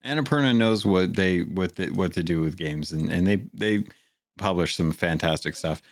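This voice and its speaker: A man co-hosting a gaming podcast, talking things through in a thoughtful, measured way with many restarts. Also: deep voice, no room sound. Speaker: podcast co-host. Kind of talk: casual chat.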